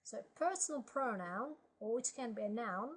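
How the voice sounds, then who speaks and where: A woman teaching a language lesson, slowly reading word lists aloud and explaining grammar step by step. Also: a little high, animated, slightly rough, low-quality recording. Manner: slow, methodical, reads word lists aloud.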